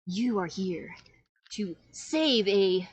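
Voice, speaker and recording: A theatrical stage magician, played by a woman in a tabletop game, drawing out his words slowly and grandly like a storyteller. His voice stays close to an everyday pitch. It sounds dry and close. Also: lively intonation, husky, no room sound, exaggerated voice. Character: theatrical male stage magician with fake beard.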